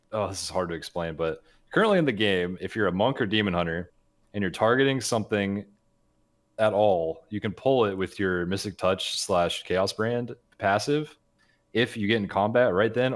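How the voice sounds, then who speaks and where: A man co-hosting a casual gaming podcast, explaining game mechanics in a halting, thinking-aloud way. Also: fairly low pitch. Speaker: podcast co-host.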